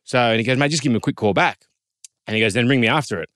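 An Australian man in his thirties, a former rugby league player telling an animated story in casual chat, quoting others in lively voices. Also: medium pitch, very fast, no room sound, studio quality.

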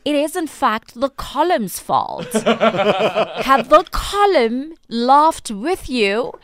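A woman's voice: on the high side, extremely slow, full character voice. A woman doing a prim mock-British lady. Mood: mock-formal. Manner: prim, mock-formal, deadpan. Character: pompous, prim British lady giving stern reassurance.

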